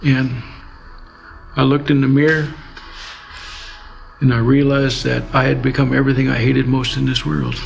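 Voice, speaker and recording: A man's voice: mid-range voice, flat delivery, moderate pace, creaky, long pauses, muffled recording. A middle-aged man from Alaska telling his life story in a rambling, filler-heavy way, as a guest in an interview. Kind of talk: personal testimony.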